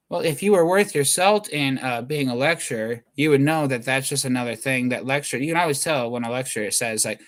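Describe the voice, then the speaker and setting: Rambling man, mid-pitched voice. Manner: scattered, self-interrupting, restarts thoughts mid-sentence. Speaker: comedian. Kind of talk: rambling comedic monologue.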